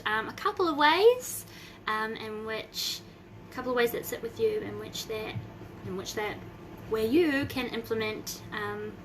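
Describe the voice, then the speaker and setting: A young woman, hosting a casual live video from home, rambling and bursting into excited squeals. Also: fairly high pitch, slight background noise, low-quality recording. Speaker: host of a Facebook group live video.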